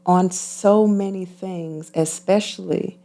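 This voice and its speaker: A woman speaking as a guest healer in an interview, calm and measured, repeating phrases for emphasis. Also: on the low side. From United States. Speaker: guest, intuitive healer and physician. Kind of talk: reflective interview talk.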